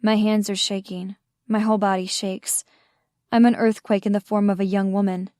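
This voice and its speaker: A woman narrating a romance audiobook in the first person with measured, intimate storytelling. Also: medium pitch, flat delivery, a little mellow, no room sound, studio quality.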